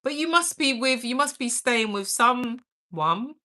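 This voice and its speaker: A woman's voice: on the high side, animated, unhurried, bright, forceful tone. A middle-aged woman hosting a livestream, chatting energetically and caringly while reading out viewer comments. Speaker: livestream host.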